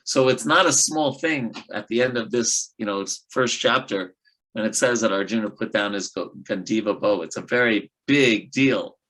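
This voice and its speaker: A man teaching a scripture class, telling the story in a lively, conversational way with casual fillers. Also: on the low side, normal speed, rough recording. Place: temple class room.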